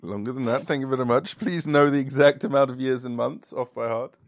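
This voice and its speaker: A man's voice: mid-range voice, fairly quick, dry recording, clean studio sound. A man hosting a podcast in casual chat, rambling and joking as he searches for words. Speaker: podcast host.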